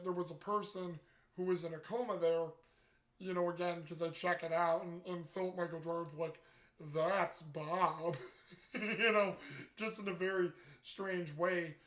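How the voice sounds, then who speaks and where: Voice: medium pitch, fairly bright tone. A casual, rambling recap of a TV episode, full of "you know" fillers and mid-sentence self-corrections. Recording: roomy echo.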